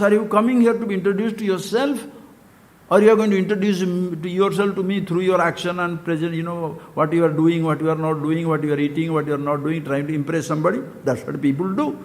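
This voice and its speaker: Older man, Indian accent, high lively voice, spiritual teacher, long hall reverb. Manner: expressive, swings between loud animated questions and low quiet asides. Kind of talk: spiritual talk.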